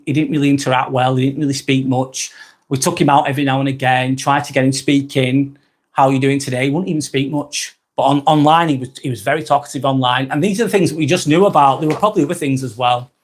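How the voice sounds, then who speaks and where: A man with a Lancashire accent and a slightly sore throat, chatting casually on a live stream, rambling and repeating himself as he reads out comments. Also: medium pitch. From England.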